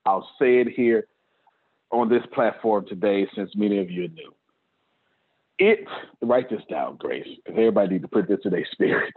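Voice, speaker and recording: A man with a lowish, slightly breathy voice hosts a team meeting on a video call, giving a motivational talk. He's a business leader who speaks emphatically in casual slang, at a moderate pace with frequent pauses, and keeps repeating his points. The audio is tinny and phone-like.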